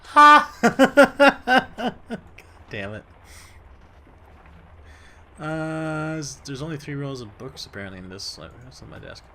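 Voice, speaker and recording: A man commenting as he plays a story game, jokey and excitable, often laughing at himself. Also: mid-range voice, normal speed, long pauses. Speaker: gameplay commentator. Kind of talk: let's play commentary.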